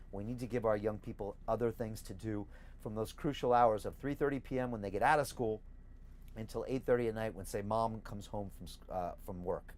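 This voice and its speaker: A middle-aged man from the United States with an American accent softened by years in Britain, hosting a live-stream Q&A from a moving campaign bus. He reads viewer questions and answers them emphatically and upbeat, repeating key phrases. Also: medium pitch. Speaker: host and campaigning candidate.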